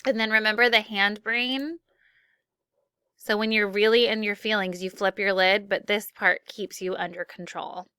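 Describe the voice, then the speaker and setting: A woman's voice: medium pitch, steady tone, normal speed, sharp tone, clear, resonant tone, no room sound. A woman teacher leading a classroom lesson for children, upbeat and acting out example phrases.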